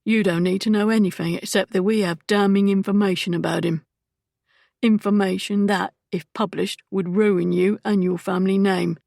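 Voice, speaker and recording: A woman doing a rough, sneering male thug. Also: mid-range voice, fairly even intonation, moderate pace, a little mellow, dry recording, clean studio sound, natural voice. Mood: menacing. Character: rough-spoken male thug, menacing and bossy.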